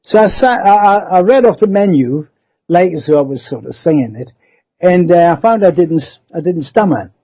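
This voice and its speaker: Older man, husky lo-fi voice. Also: a little high, expressive, normal speed. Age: 70s. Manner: rambling, repeats 'you see' and restarts. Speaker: interview guest. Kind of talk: telling a life story in a radio interview.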